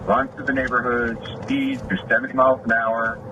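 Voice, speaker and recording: A man's voice: medium pitch, very animated, fairly quick. A man who works as a sheriff's deputy, telling an aggrieved story of a run-in with another deputy and acting out both sides of the argument. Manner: aggrieved, retelling a confrontation with quoted dialogue. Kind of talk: venting in a recorded police video. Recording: muffled lo-fi video with loud background noise.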